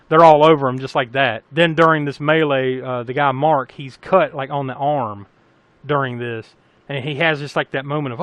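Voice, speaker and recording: A man's voice: fairly high pitch, a bit bright, no room sound. A man with an American accent co-hosting a podcast, casually recapping a film, swearing freely and laughing often. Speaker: podcast co-host. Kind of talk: casual film review chat.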